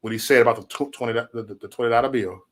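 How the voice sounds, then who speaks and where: Racing along in a steady, mid-range voice, a man rants on his own livestream, loose and profane, rambling through highly animated stories.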